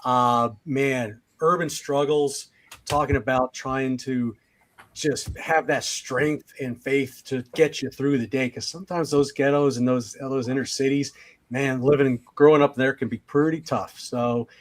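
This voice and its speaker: A man's voice: mid-range voice, steady tone, unhurried. A man on a panel discussion, talking casually and enthusiastically about his favorite songs, with some fillers. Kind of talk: casual music panel talk.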